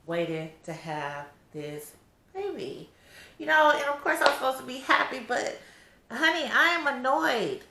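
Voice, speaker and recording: A woman's voice: sits low, fairly bright tone, roomy sound, slight background noise. A heavily pregnant woman giving a casual vlog update, blunt and exasperated, cussing freely. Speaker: vlogger.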